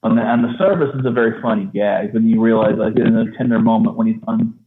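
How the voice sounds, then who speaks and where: A man co-hosting a casual film discussion podcast, animated and laughing often. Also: lowish voice, fast, roomy sound, slight background noise. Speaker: podcast co-host. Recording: tinny phone-like line.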